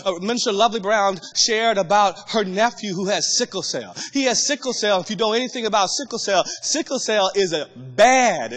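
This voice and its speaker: A man preaching a sermon as pastor, impassioned and rising to shouts. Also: sits high, big-room sound.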